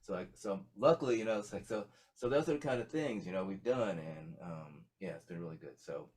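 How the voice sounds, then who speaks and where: This is a man speaking in a slightly low voice as a guest in a casual interview. He rambles and restarts his sentences, filling the gaps with "you know" and "um". His talk sounds loose and friendly. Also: brisk, a little mellow. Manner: rambling, many fillers and restarts. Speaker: musician guest.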